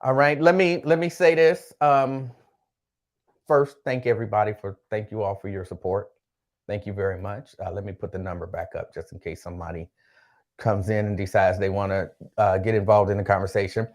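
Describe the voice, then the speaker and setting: A man's voice: lowish voice, fairly even intonation, a little fast. Male host for a casual live-stream chat, laid-back, repeats himself, reads viewer names.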